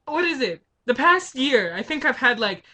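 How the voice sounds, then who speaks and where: Woman, frustrated vlog rant, rhetorical questions, bright sharp tone. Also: sits high, sing-song, moderate pace. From Canada. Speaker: vlogger. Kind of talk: political rant to camera.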